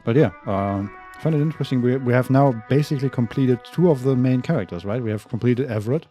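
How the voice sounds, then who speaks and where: A man's voice: medium pitch, quick pace, warm tone, faint music behind. A man co-hosting a let's play, talking casually and methodically reading out the game's checks and bonuses. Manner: methodical, reads out game stats. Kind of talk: casual gaming chat.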